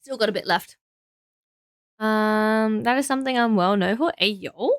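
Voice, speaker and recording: A woman's voice: mid-range voice, measured pace, clear, resonant tone, no echo, studio quality. A young Australian woman streaming casually, tired and rambling as she thinks aloud while building.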